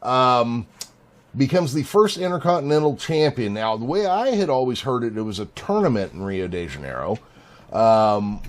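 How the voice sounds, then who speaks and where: Low, lively man telling a story. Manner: lively storyteller, swears freely. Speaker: podcast co-host. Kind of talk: casual chat.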